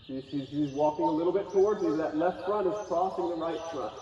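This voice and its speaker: Calm man coaching from far off. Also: fairly high pitch, brisk, slight background noise. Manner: calm, coaxing, talks to horse and audience in turns. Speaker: horse trainer leading a clinic. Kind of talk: live teaching demonstration. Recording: distant, echoey, dull outdoor recording.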